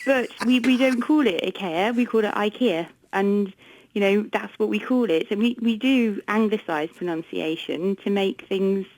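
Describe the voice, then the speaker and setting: A woman's voice: medium pitch, normal speed, darkish tone, rough recording. A woman being interviewed on the radio as a research director, often repeating words as she thinks aloud. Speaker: guest, market research director.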